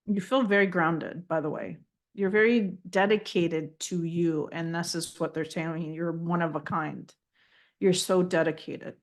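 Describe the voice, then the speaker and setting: A woman giving a live channeled spiritual reading, gentle and affirming, often repeating phrases as she passes messages on. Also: fairly low pitch, fairly even intonation, unhurried.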